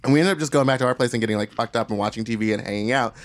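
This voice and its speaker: A man in his thirties co-hosting a casual podcast, spinning a long, rambling and profane story. His voice sits at an ordinary middle pitch, loose and unhurried. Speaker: podcast co-host.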